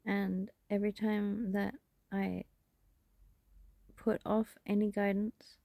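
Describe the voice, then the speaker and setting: A woman's voice: medium pitch, flat delivery, slow pace, creaky, dark tone, no room sound, studio quality. A woman talking to camera in a rambling, self-reflective vlog monologue, laughing often. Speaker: vlogger.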